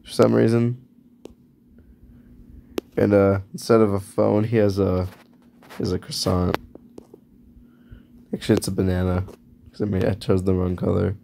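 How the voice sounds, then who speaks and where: Low gravelly guy rambling on while drawing, kinda mellow. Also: flat delivery, normal speed, long pauses, a little hiss or hum. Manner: rambling, self-correcting, offhand. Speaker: video creator. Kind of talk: casual narration while drawing.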